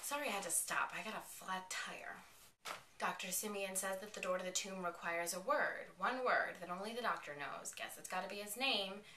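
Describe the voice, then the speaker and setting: A woman giving an excited, chatty plot recap of a TV episode, full of "like" as she retells the scenes. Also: mid-range voice, moderate pace, a little hiss or hum. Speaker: TV episode reviewer. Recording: echoey, distant from the mic.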